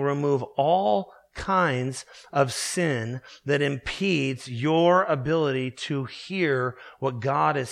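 A man's voice: on the high side, vocal fry. A man pastor preaching a sermon, earnest and emphatic, asking the listeners rhetorical questions.

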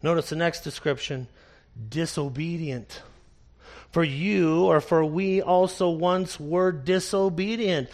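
A man preaching an expository sermon, earnest and emphatic, reading scripture slowly and repeating key phrases. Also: fairly high pitch, steady tone, darkish tone. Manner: reads scripture slowly and deliberately. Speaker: pastor.

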